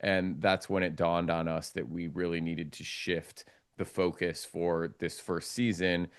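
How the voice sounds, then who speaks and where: A man with a very low voice talks about his documentary work in a relaxed, rambling way. He starts over now and then, like someone thinking aloud in a casual interview. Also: unhurried, smooth. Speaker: documentary filmmaker, interview guest.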